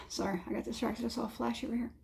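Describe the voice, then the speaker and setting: A woman's voice: fairly high pitch, steady tone, fast talker, creaky, a little mellow, a little hiss or hum. A woman giving a casual tarot reading, rambling and hesitant, with many fillers and frequent chuckles. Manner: chuckles often. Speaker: tarot reader.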